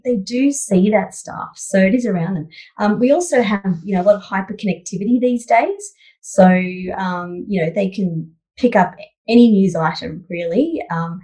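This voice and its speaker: A woman's voice: mid-range voice, warm tone, rough recording. A woman psychologist answering interview questions in a thoughtful, conversational way, with many "you know" fillers. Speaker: psychologist guest.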